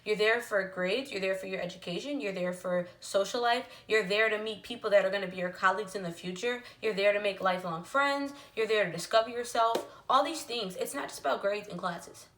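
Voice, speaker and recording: A woman's voice: medium pitch, brisk, hardly any pauses, a bit bright, reverberant. A young woman telling a personal story to camera in a candid, emotional way, with lots of "like" and "literally". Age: young adult. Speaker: vlogger.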